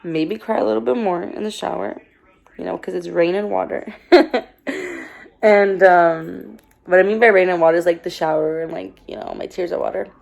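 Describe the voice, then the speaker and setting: Low, gravelly young woman vlogging. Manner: rambling, halting, with many fillers; tearful, subdued and soft. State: stuffy-nosed after crying. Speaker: daily vlogger. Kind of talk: personal confessional vlog.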